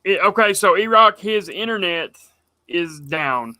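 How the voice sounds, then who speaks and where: A man co-hosting a casual podcast chat, rambling and animated as he tells stories. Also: high-pitched, unhurried, no room sound. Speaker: podcast co-host.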